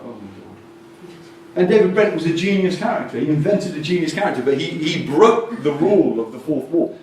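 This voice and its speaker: A man giving a jokey, animated talk at a coaching conference and acting out quotes in different voices. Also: on the high side, a little hiss or hum. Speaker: conference speaker. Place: conference hall with audience. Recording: distant mic in an echoey hall.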